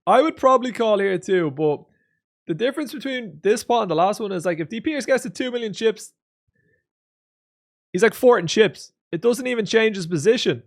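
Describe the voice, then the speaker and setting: A male poker streamer talks casually over replays at a normal pace, reading viewers' comments aloud. He shifts between low mutters and loud, excited outbursts.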